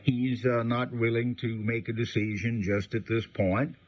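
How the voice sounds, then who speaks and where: A man teaching the Bible on the radio in a folksy, unhurried way, explaining with frequent pauses. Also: medium pitch, level tone, a little hiss or hum. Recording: dull lo-fi radio broadcast.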